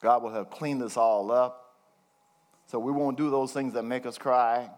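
An older man preaching a conversational sermon, reading scripture slowly between folksy, chuckling asides. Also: mid-range voice, steady tone. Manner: folksy, chuckling asides, slows down to read verses.

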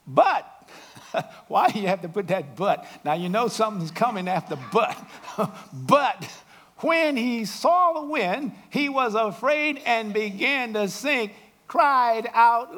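Man preaching a sermon, high voice that leaps all over, slow and drawn out, loud then hushed. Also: animated. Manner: dramatic swings between loud exclamations and hushed asides; asks the congregation questions.

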